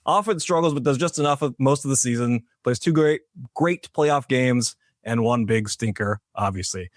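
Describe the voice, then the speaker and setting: A man's voice: medium pitch, normal speed, no echo. A man co-hosting a sports podcast, laying out an argument in a dry, methodical way. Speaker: podcast co-host. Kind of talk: sports opinion monologue.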